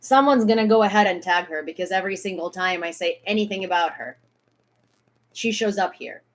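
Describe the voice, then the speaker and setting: A woman's voice: mid-range voice, a little fast. A woman from Ukraine ranting on a live stream, sarcastic and heated, swearing freely as she argues. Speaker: social media creator.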